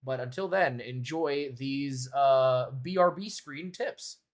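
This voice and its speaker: In a mid-range voice at a slow pace, the game streamer chats loosely with viewers. He laughs frequently, swears freely, and defends himself in a playful way.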